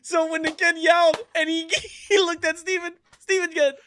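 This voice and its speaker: High, bright-voiced dad telling stories. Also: male voice, normal speed, a little hiss or hum. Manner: animated storyteller, laughs a lot, acts out voices. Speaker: podcast co-host. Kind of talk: casual chat.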